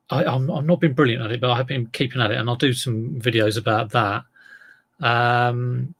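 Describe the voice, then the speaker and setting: A man's voice: mid-range voice, a bit bright. A man chatting casually in a vlog as an online reseller. He rambles, drifts off topic and makes fun of himself. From England. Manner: rambling, self-deprecating, wanders off topic.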